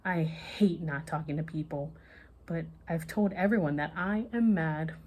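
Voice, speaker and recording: A woman's voice: sits low, a little slow, a little mellow, lo-fi sound. Woman reading a bedtime story.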